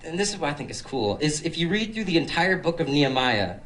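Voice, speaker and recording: Chatty teenage boy preaching, slightly high. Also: big pitch swings, quick pace, fairly bright tone, poor audio. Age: teens. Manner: chatty, filler-heavy retelling with many restarts. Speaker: youth preacher. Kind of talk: casual Bible talk. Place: nursing home.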